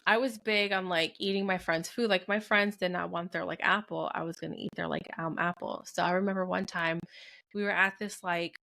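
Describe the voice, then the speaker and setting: A young adult woman co-hosting a podcast, telling personal stories in a candid, animated way with lots of fillers. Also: lowish voice, a little fast, creaky. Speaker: podcast co-host. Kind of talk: casual chat.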